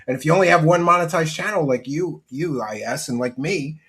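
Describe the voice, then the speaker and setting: A man hosting a casual roast panel, animated and profane, laughing often as he talks. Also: a little high, a little fast.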